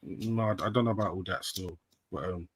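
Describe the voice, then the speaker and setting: A man's voice: low voice, a little fast, breathy edge, no echo. A Jamaican man, chatting on a live panel in a laid-back, slangy way, getting defensive as he jokes. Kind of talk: casual panel chat.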